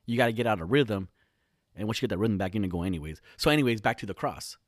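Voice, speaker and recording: On a dry, studio-grade recording, a fairly low-voiced man talks in an animated rush as host of his own podcast. His casual comedic storytelling is long, meandering, thick with profanity, and full of false starts. He's based in Southern California.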